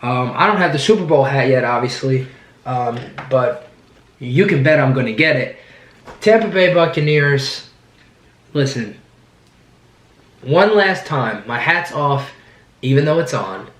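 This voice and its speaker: An excited man talks through a sports season in a fan vlog, rambling and circling back on his words. His voice sits at a middle pitch and rings in a roomy, echoing space. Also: measured pace, pauses often. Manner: enthusiastic, rambling, repeats words. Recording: roomy echo.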